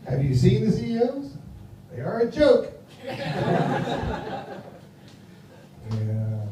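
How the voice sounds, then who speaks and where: American stand-up comic in his fifties, mumbly and rambling, fairly high mellow voice, picked up from far off in a very echoey venue with faint noise. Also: huge pitch swings, very slow. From United States. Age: 50s. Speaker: stand-up comedian. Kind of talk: stand-up comedy set. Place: live comedy venue.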